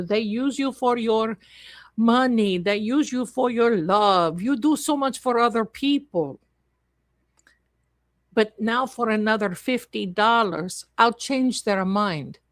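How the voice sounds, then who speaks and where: A woman's voice: a little high, measured pace, no room sound, lightly acted. A woman voicing a greedy woman fortune teller who runs a scam, with wheedling sales patter and broken grammar. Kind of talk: comic improvised role-play.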